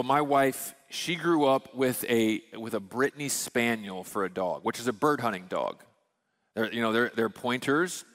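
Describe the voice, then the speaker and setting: Pastor guy preaching, chatty and down to earth, mid pitch, big echoey hall. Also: a bit bright. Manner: conversational and candid, with folksy asides. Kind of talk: sermon.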